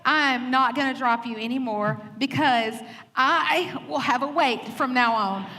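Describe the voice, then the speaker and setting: A woman preaching with a high, bright voice, telling a story with lots of laughter and acted-out quotes. Her voice carries a long hall reverb with faint background noise. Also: unhurried. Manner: animated, laughs often, acts out quotes. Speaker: pastor. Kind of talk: humorous storytelling sermon. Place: church stage.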